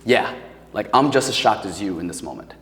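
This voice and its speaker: Low-voiced man telling a painful story. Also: sing-song, brisk, a bit bright, long reverb tail. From Paterson, New Jersey. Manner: casual and emotional, heavy with fillers. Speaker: podcast guest. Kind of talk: personal storytelling.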